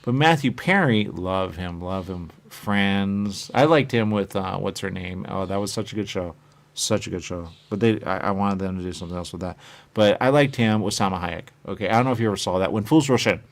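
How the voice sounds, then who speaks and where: Here a show host with a low-sitting male voice speaks fairly quickly. He's chatty and rambling, wandering between topics and often acting out what others have said.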